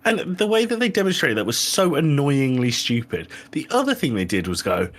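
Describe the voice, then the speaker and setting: A man's voice: medium pitch, big pitch swings, brisk, hardly any pauses. A British man co-hosting a podcast, ranting and swearing at a film he found stupid, acting out its scenes. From Britain. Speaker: podcast co-host. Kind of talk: casual chat, film review.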